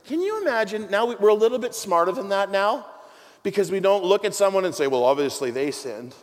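A middle-aged man preaching a sermon, an animated storyteller with a self-deprecating, joking manner. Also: high-pitched, fast. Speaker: pastor. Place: church hall with congregation. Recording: long hall reverb.

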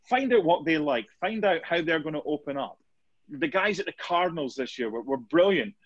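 A man's voice: fairly high pitch, animated, moderate pace, no room sound. A man, a sports reporter guest telling anecdotes in a casual interview, with many restarts. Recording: dull dry lo-fi sound.

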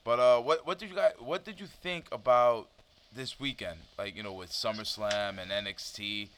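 A man's voice: medium pitch, moderate pace, a bit bright, a little hiss or hum. A man hosting a casual chat, laid-back and slangy, laughing often. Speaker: podcast host.

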